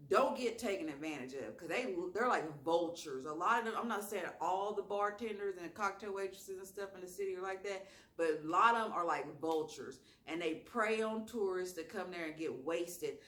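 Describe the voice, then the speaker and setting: A woman with a strong Southern accent, telling a wild story in a casual vlog with slang and lively asides. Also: lowish voice, moderate pace. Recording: echoey room.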